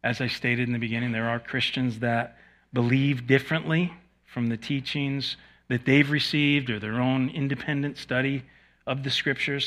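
A male pastor giving a teaching sermon to a congregation, his voice bright and forward. He talks informally, breaking off for small jokes at his own expense and restarting sentences as he thinks aloud. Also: medium pitch. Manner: conversational, joking asides, frequent restarts. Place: in front of a live congregation.

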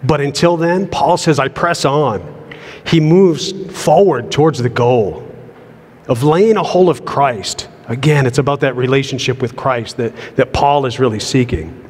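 A man's voice: mid-range voice, a little slow, a little mellow, husky. A middle-aged man delivers a sermon from the pulpit, earnest and conversational, doubling up words as he presses each idea forward. His voice sits in an ordinary male middle register. A long reverb trails behind him, as in a church sanctuary. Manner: earnest, repeats words when building a point. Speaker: pastor.

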